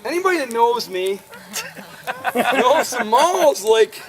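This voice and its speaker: A middle-aged man telling a story to friends at a party, laughing through it in an animated way, in an amateur video recording. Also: very high voice, slow pace, over a noisy crowd. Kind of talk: casual anecdote to a group. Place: outdoor gathering with friends. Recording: loud noise, amateur video.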